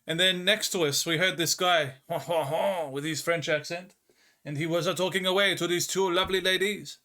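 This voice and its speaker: A man's voice: sits high, fairly even intonation, normal speed, sharp tone. A man with an Australian accent chatting with viewers on a live stream, telling rambling stories and laughing often. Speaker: livestreamer. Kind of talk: casual chat with viewers.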